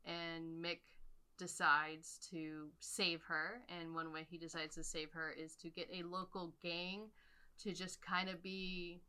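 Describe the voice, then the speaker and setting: Young woman podcast cohost, low-ish but super bright voice, rambly casual chat with lots of ums. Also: little pitch movement, takes it slowly, clear, resonant tone. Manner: rambling, laughs often, many fillers. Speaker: podcast co-host. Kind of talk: casual movie review chat.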